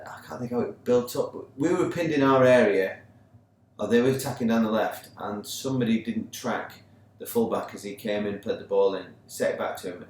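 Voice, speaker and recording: An English man chats casually on a sports podcast. He tells his stories with lively back-and-forth, putting on the voices of the people in them. The sound is very echoey and distant, with faint room noise behind him. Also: lowish voice. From England. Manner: animated storytelling, acting out both sides of an argument. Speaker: podcast co-host. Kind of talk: casual chat.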